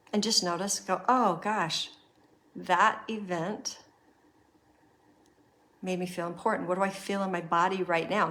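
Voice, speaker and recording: A middle-aged woman hosts a podcast in a fairly low, slightly bright voice. She earnestly leads listeners through reflection and shares a personal story.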